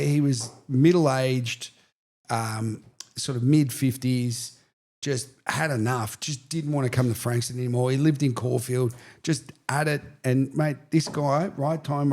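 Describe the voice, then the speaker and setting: Middle-aged aussie bloke spinning a yarn on a real estate podcast, lively. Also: male voice, mid-range voice, measured pace. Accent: Australian. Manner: storytelling, animated, says "mate". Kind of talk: casual chat, anecdotes.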